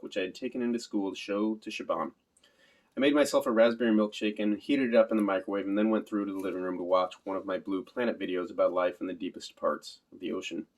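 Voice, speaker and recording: A man reads a first-person audiobook in a literal, matter-of-fact manner. His voice is low and he moves quickly through the sentences. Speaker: audiobook narrator. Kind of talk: scripted first-person narration.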